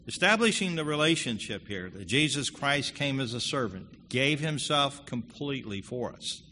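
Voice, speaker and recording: A man preaching a sermon, earnest and conversational, growing louder when he reads scripture aloud. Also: mid-range voice. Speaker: pastor. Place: church hall. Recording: long hall reverb with faint room noise.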